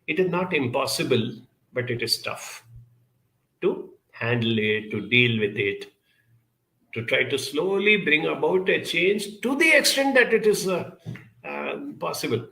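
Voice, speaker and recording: Earnest creaky-voiced man in an echoey room. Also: fairly high pitch, expressive, pushed and bright. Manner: measured, earnest, with frequent pauses and 'uh' fillers. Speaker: speaker answering audience questions. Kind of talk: advice talk.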